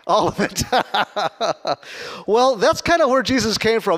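A pastor from Chicago giving a conversational sermon, joking and asking the congregation questions. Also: male voice, high voice, animated, measured pace. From Chicago, United States.

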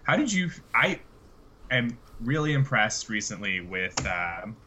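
A man's voice: fairly low pitch, sing-song, unhurried, pushed and bright. A young adult man hosting a casual podcast chat, easygoing and a bit hesitant. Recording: faint background noise.

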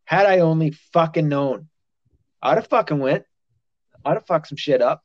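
Man, thirties, podcast host, swearing casual chat, slightly high voice, dull lo-fi sound. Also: moderate pace, no room sound. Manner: crude, swearing, laughing often.

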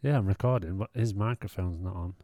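A man bantering on a casual podcast with quick teasing quips. His voice is low, dark and gravelly. The sound is dry and close. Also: no echo. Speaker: podcast co-host. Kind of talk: casual chat.

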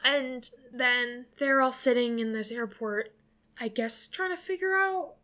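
Woman podcast co-host, higher register, rambling casual recapper, curses freely. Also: measured pace, pushed and bright. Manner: rambling, filler-heavy, swears freely. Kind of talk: casual movie recap chat.

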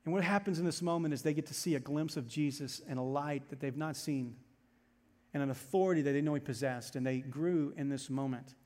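A man's voice: a little high, a little fast, a little mellow. A male pastor delivering a sermon in a church, preaching with passion and repeating phrases for emphasis. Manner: impassioned, repetitive preaching with rising intensity. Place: church sanctuary. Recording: long reverb in a large room.

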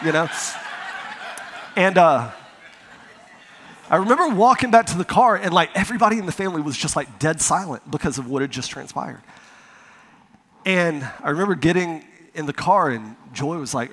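A male pastor with a fairly high voice preaches to a congregation, acting out the voices in his story. His words ring out with the long echo of a large hall. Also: normal speed, pauses often. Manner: animated storyteller, acts out quotes. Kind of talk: sermon with personal story. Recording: reverberant hall.

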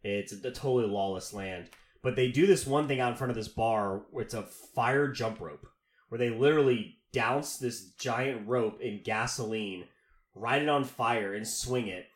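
A Texan-raised podcast host chats loosely, stringing his stories together with lots of "like" and "um". His voice sits at a middle pitch. It comes through with a roomy echo. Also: normal speed. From Texas. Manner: rambling storyteller, filler-heavy. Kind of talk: casual chat.

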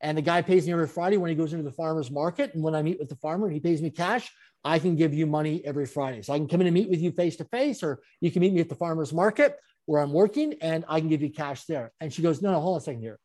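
A man, an interview guest and speaker, telling his story in an animated way with frequent chuckles. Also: on the high side, very fast. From Canada.

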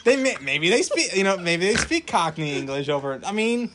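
Young man, podcast co-host, casual chat, joking, swears a lot, slightly high voice, faint background noise. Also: big pitch swings, normal speed. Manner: joking, swears freely, laughs often; slips into silly put-on voices.

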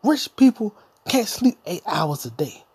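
A man's voice: sits high, very animated, unhurried, vocal fry, husky. A young adult man hosting a podcast, delivering a profane, insulting solo comedy rant that mock-lectures the listener. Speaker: podcast host.

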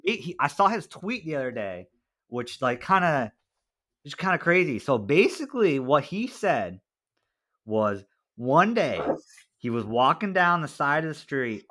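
Co-hosting a casual podcast, a man tells a story in a chatty way, sprinkling in plenty of "like" and "right?". His voice is medium in pitch with a sharp tone.

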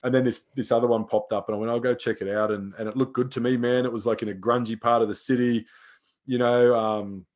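A man's voice: mid-range voice, steady tone, fast talker, darkish tone. A young man, a personal trainer, telling stories in casual chat, swearing freely and acting out the lines of people he quotes.

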